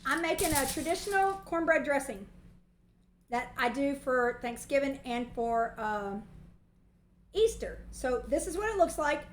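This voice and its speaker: A woman rambles warmly through her cooking livestream, folksy and chatty. Her voice sits high, and the home kitchen rings with a noticeable echo around her counter mic, with a faint hiss underneath. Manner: chatty and long-winded, folksy. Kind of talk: casual cooking livestream chat. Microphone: mic set on the counter.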